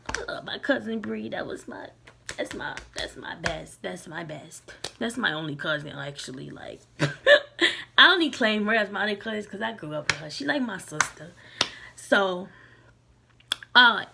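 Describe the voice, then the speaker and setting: A woman's voice: lowish voice, vocal fry, noisy background. A young woman talking casually to her camera, loose and candid, with many likes and restarts. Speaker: vlogger.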